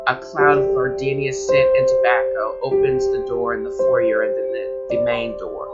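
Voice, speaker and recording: A woman's voice: very deep voice, fairly even intonation, normal speed, muffled recording, loud music behind the voice. A middle-aged woman narrating her own story casually, with asides and fillers.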